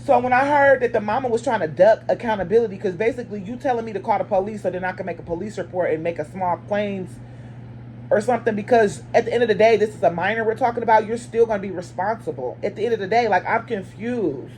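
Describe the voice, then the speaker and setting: Animated woman telling a story. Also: fast talker, slight background noise. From lives in Arizona. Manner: animated, acts out dialogue with sharp pitch jumps; blunt and chatty, talks straight to viewers. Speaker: storyteller and mother. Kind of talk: casual storytime to camera.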